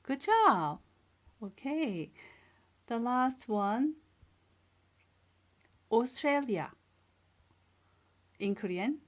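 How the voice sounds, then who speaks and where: A woman's voice: fairly high pitch, very animated, drawn-out words, pauses often. Patient woman teaching a language lesson. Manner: patient, drills words twice and praises learners. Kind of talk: slow, clear classroom instruction.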